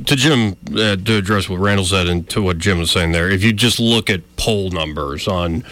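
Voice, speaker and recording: A man's voice: sits low, moderate pace, fairly bright tone, a little hiss or hum. A man co-hosting a talk radio show, explaining his view thoughtfully. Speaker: radio co-host.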